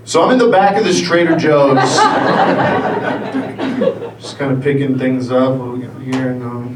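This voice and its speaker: A man's voice: medium pitch, steady tone, normal speed, background noise. A man in his thirties doing a loose, rambling stand-up set and bantering with the crowd. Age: 30s. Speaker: stand-up comedian. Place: theater stage. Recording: roomy live theater sound from a distance. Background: audience ambience.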